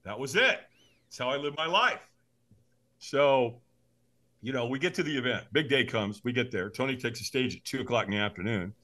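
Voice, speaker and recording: A man's voice: mid-range voice, moderate pace. A man, a podcast guest, telling a story with animation, acting out voices and laughing often. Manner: lively, acts out voices in his stories, laughs often.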